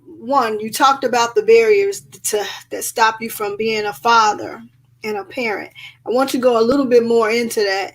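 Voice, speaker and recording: A woman's voice: on the high side, low-quality recording. A woman interviewing a guest, listening closely and asking follow-up questions. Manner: attentive, affirming.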